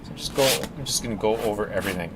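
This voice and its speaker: A man's voice: fairly low pitch, racing, very noisy. A man chatting casually and rambling with jokes as he paints on a live stream, calling his viewers "team".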